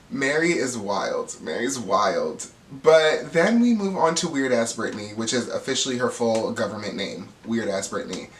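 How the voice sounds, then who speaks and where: Dude spilling reality tv tea, doing everyone's voices, echoey room, kinda far from the mic. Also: male voice, medium pitch, slight background noise. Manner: gossipy and animated, acts out quotes with laughs. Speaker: reality TV recap host. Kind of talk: casual recap commentary.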